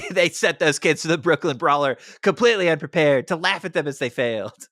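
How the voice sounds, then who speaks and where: A man's voice: on the high side, expressive, fairly quick, fairly bright tone, dry recording, studio quality. A man co-hosting a podcast, recapping a show with a sarcastic, joking manner. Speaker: podcast co-host. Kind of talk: casual recap chat.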